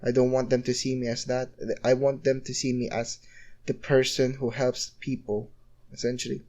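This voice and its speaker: A man's voice: mid-range voice, level tone, moderate pace, a little mellow, close to an everyday voice. A man voicing an earnest young male hero who stammers and repeats himself.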